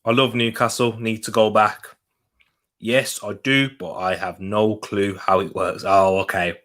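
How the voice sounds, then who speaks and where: A young man hosts a casual football watch-along live stream, chatting with viewers, reading comments, eating, and laughing often. His voice is fairly low and a bit bright, with a steady tone and measured pace.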